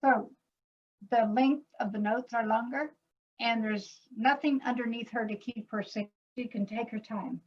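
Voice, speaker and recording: A woman composer explaining her work in a panel talk over a video call, slowing down to spell out words as examples. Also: fairly high pitch, steady tone. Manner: illustrates points by speaking words slowly. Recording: dull lo-fi video call audio.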